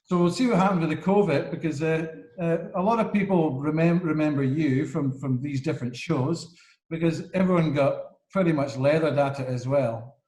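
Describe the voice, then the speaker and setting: Man, interview host, rambling delivery, slightly high pitch, roomy echo. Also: moderate pace, a little mellow. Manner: rambling, many restarts and fillers. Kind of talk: casual interview chat. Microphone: video call.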